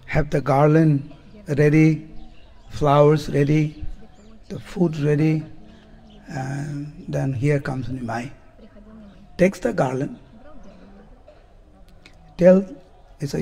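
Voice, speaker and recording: A man, telling devotional stories as a spiritual teacher, animated and often laughing as he acts out what people said. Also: on the high side, takes it slowly, vocal fry, long pauses, breathy edge. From India. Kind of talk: devotional storytelling lecture. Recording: long hall reverb.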